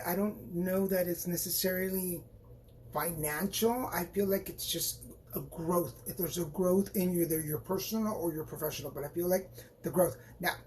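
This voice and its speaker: Casual live-stream tarot reader, mid-pitched, rambling and encouraging, with playful asides. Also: a little mellow, a little hiss or hum. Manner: chatty and rambling, with frequent restarts and playful asides; encouraging and reassuring toward viewers.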